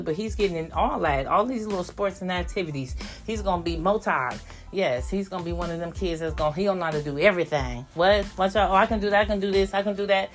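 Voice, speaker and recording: An older woman, chatting casually and rambling about her grandchildren, acting out their voices. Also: lowish voice. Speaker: vlogger. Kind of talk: casual chat.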